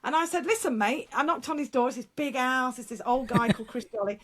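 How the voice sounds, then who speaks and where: A middle-aged woman with a fairly high voice talks as an interview guest, a speaker and one-time teacher. She tells her stories frankly and bluntly, breaking into laughter, restarting her sentences and letting a mild swear word slip in. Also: quick pace, fairly bright tone. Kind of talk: casual interview storytelling.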